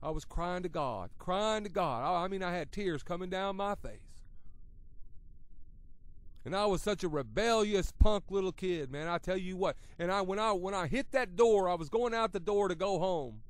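A middle-aged man preaching a radio sermon, talking conversationally at times and at others building to loud, emphatic passages. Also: high voice, lively intonation, moderate pace, no room sound.

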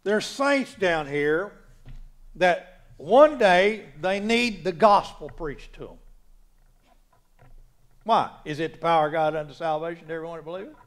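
A man preaching a sermon in a church, folksy, moving from quiet asides to loud exhortation. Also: on the high side, expressive, unhurried, long pauses. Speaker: pastor.

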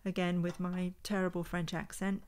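A woman's voice: lowish voice, level tone, darkish tone. Chatty woman showing her finds. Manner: chatty, unhurried, thinking aloud while handling items. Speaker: vintage homeware reseller. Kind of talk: casual show-and-tell vlog. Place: at home.

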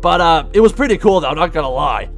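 Man playing a gravelly hot-headed pirate fox. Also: fairly high pitch, animated, fast talker, soft background music. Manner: pirate talk, hot-tempered, loud outbursts. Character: brash male animatronic pirate fox. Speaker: let's play gamer in character.

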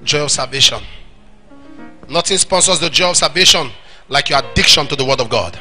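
A man with a Nigerian accent preaching a sermon in church, acting out little scenes and shouting at the high points. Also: a little fast, soft background music. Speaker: pastor.

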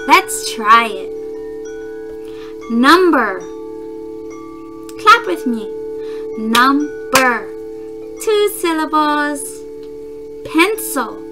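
A woman teaching a phonics lesson to young children, saying words slowly and clearly and repeating them for the class to echo. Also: high-pitched, big pitch swings, music in the background. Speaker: kindergarten teacher.

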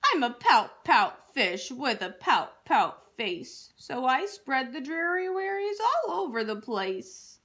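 A woman's voice: high-pitched, big pitch swings, takes it slowly, hardly any pauses, a bit bright, exaggerated voice. A woman voicing a gloomy male fish in a children's storybook, chanting his mopey refrain in a sing-song way. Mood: glum.

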